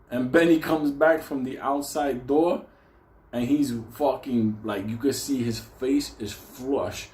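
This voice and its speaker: An older man telling a profane, animated story, acting out quotes. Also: mid-range voice, moderate pace. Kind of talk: casual spoken storytelling. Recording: roomy echo.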